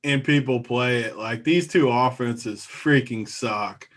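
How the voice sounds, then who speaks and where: A man's voice: medium pitch, takes it slowly, a bit bright. A man co-hosting a casual fantasy sports podcast, ranting with exaggerated disbelief about player picks. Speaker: fantasy sports analyst co-host.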